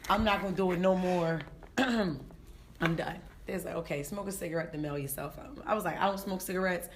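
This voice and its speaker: Woman, comedian, casual storytelling, animated, quotes people in voices, faint background noise. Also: on the low side, a little fast. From Baltimore, Maryland, USA. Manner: animated, acts out quotes in voices, laughs often. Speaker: comedian guest.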